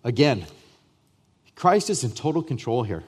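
A man pastor preaching a sermon to his church, emphatic, with repeated starts and swings between loud and soft. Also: mid-range voice, sing-song, unhurried, husky. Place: church sanctuary.

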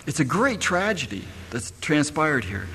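A man's voice: on the high side, big pitch swings, a little slow, fairly bright tone, slightly rough. A middle-aged man, a pastor, preaching a sermon and firing rhetorical questions at his congregation. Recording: echoey hall, faint ambience.

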